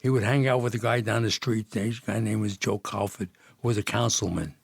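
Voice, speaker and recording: A man's voice: fairly low pitch, steady tone, fairly quick, vocal fry, husky, no room sound. A man, a podcast guest telling rambling stories with frequent laughs and false starts. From Jersey City, New Jersey. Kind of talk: storytelling in casual conversation.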